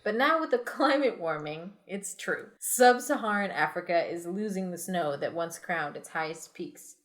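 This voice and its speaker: A woman's voice: lowish voice, expressive, moderate pace. Giggly woman hosting a read-aloud podcast. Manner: giggly, often breaks into laughter mid-reading. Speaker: podcast host reading a gamebook aloud. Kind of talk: casual read-aloud with banter.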